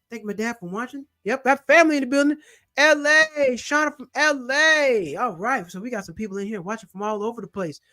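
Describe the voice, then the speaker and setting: A young man hosting a casual livestream, eagerly shouting out viewers and their cities and plugging his channels. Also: extremely high pitch. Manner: hyped, repetitive shout-outs to viewers. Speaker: livestream host.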